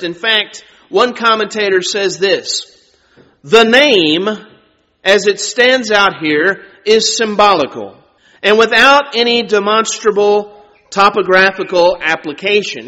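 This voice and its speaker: A man preaching a sermon, slow and deliberate, drawing out words for emphasis. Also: high voice, bright, forceful tone. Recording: dull sound with long reverb.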